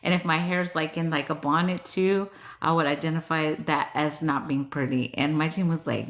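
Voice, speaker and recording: A woman's voice: low-pitched, moderate pace, fairly bright tone. A young woman chatting casually with her viewers, playful, swearing freely and laughing often. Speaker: vlogger reading cards and chatting with viewers. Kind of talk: casual chat.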